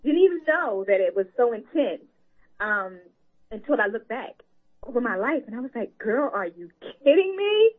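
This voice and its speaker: A woman's voice: a little high, animated, normal speed, slightly rough. A woman author and advocate speaking as a guest in an earnest, heartfelt, conversational way. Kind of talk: guest interview. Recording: tinny phone line.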